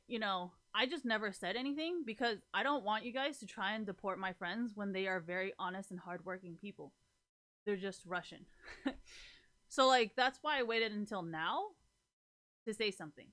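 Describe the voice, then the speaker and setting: Young woman streaming, rambles on, swears, laughs a lot, bright sharp voice. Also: medium pitch, moderate pace. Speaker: streamer talking to viewers. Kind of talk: casual rambling chat.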